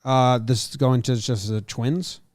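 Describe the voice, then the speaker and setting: A man co-hosting a casual baseball chat show, playful and animated as he runs through player stats. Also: medium pitch, measured pace, dry recording, studio quality. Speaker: podcast co-host.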